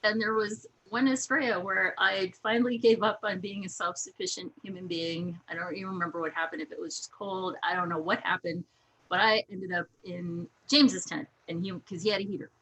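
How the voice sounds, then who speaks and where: Husky woman telling lively stories. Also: fairly low pitch, a little fast, poor audio. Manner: laughs often, lively anecdotes. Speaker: guest. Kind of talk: casual storytelling.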